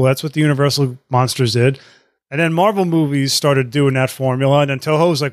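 A man talking as a guest on a podcast, chatty and rambling with quick asides. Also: mid-range voice, no room sound, studio quality. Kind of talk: casual podcast chat.

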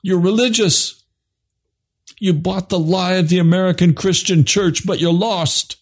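Impassioned preacher, man with a high voice. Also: measured pace, slightly rough. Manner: impassioned, swinging from low grave tones to high urgent cries. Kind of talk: sermon.

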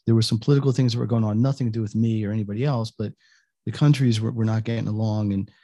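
Low gravelly-voiced middle-aged American man. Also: fairly even intonation, rapid-fire, dark tone, no room sound, studio quality. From United States. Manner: chatty, rambling with restarts. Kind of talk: casual interview chat.

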